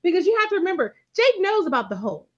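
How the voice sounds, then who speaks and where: A high-pitched woman chats through an episode recap, lively and expressive as she plays out the characters' quotes. The audio is a bit dull and lo-fi. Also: racing. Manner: animated storyteller, acts out quotes. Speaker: recap show co-host. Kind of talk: casual TV recap chat.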